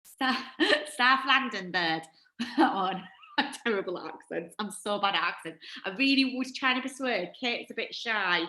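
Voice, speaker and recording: A woman's voice: medium pitch, normal speed, bright, forceful tone, echoey room, poor audio. A woman from Northeast England with a Northeast English accent, hosting a casual livestream chat, giggly and self-deprecating. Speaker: host.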